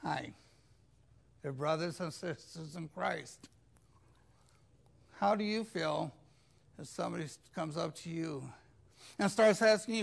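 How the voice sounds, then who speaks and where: Male pastor, unhurried conversational sermon, raspy fry in a high-set voice. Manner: conversational retelling of scripture, mimics pleading voices.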